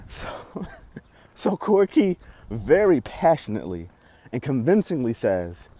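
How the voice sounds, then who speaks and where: A young man telling a story on his vlog, excitable and animated, swinging between loud outbursts and quiet asides as he acts out lines. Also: medium pitch, slow. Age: young adult.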